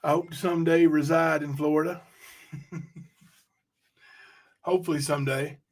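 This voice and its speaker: A man's voice: on the high side, steady tone, normal speed, darkish tone. Chatty man hosting a livestream. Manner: chatty, rambling, addresses chat directly. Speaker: livestream host. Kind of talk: casual livestream chat reading viewer comments.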